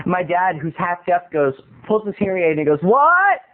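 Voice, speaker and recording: A man video blogger telling a comic story in an animated, exaggerated, theatrical way. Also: high-pitched, a little fast. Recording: tinny phone-like lo-fi sound.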